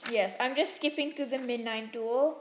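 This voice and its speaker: A woman's voice: on the high side, normal speed, a little hiss or hum. A young woman co-hosting a casual book chat, giggly and playful as she recites verse. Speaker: book podcast co-host.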